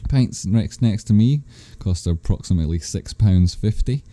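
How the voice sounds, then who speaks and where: A man with a low, very dark voice hosts a live stream. He reads viewers' questions aloud and answers in a loose, rambling way, correcting himself often. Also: animated, moderate pace. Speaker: livestream host answering chat. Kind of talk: casual live-stream chat.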